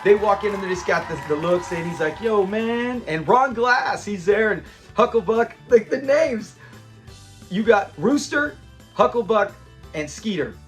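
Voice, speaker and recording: High-voiced man gleefully recapping a sitcom. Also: normal speed, faint music behind. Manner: animated retelling, laughs often, mimics lines. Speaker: show reviewer. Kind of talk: casual episode recap.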